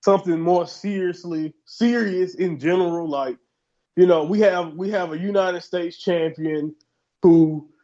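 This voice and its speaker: A man's voice: sits high, unhurried, dark tone, dull audio. A man co-hosting a podcast, chatting casually and rambling, hedging and restarting often. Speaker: podcast co-host. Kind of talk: casual wrestling chat.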